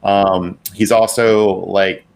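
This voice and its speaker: Low-voiced man in rambling comedy banter. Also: little pitch movement, slow, a little mellow. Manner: rambling, laughing, profane asides. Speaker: co-host. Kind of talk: casual political comedy chat.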